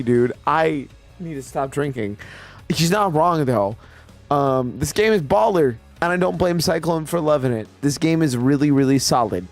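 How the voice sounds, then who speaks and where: Man co-host, brash and profane, slightly high voice, yells in bursts; faint background music. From Washington state. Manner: profane, bursts into loud yelling. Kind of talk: casual gaming chat.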